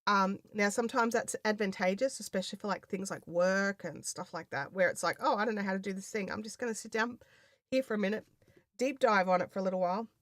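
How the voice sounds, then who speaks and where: A woman's voice: mid-range voice, fast, a bit bright, dry recording, studio quality. Chatty Australian woman reading stream comments. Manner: chatty, rambling, laughs often, many fillers. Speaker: craft livestream host. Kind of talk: casual livestream chat reading viewer comments.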